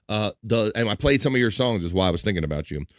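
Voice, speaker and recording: A man's voice: fairly low pitch, animated, fast talker, no echo, clean studio sound. A man hosting a live stream, reading chat messages aloud and making crude jokes in casual banter. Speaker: livestream show host.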